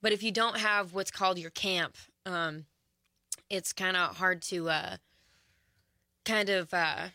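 A woman's voice: lowish voice, steady tone, takes it slowly, long pauses, pushed and bright, dry recording, studio quality. A woman musician talking in an interview, thoughtful and hesitant, with many fillers. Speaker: musician guest. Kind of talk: casual interview chat.

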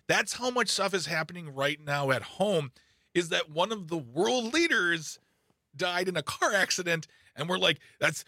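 A man filling in as a talk radio host, chatting casually and rambling with quick asides. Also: a little high, animated, pushed and bright, dry recording, studio quality.

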